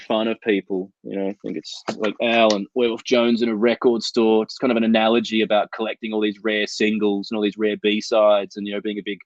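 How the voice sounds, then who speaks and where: A man's voice: fairly low pitch, completely flat delivery, brisk, hardly any pauses, no echo. A man co-hosting a casual comics chat over a video call, telling rambling, profane anecdotes. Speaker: co-host of a comics chat show. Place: home out in the desert. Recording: dull lo-fi video call audio.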